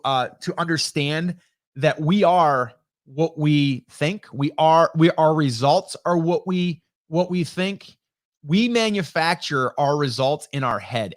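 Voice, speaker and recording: Upbeat chatty man on a live stream. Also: a little high. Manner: chatty, rambling, upbeat, greets viewers by name. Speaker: live stream host reading chat. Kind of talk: casual live chat. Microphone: broadcast dynamic studio mic.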